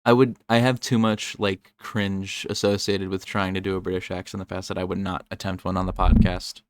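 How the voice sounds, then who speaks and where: A man chatting loosely on a podcast, laughing easily and swearing freely. His voice sits a little low and sounds dry and close to the mic. He often makes fun of himself. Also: little pitch movement, brisk, smooth, dry recording. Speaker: podcast co-host. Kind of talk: casual podcast chat.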